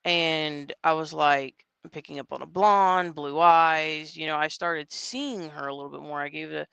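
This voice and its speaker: A man's voice: a little high, steady tone, moderate pace, vocal fry, sharp tone, clear, resonant tone, no echo. A man, a psychic medium guest, telling a story in a casual, rambling way, with lots of fillers and quoted dialogue.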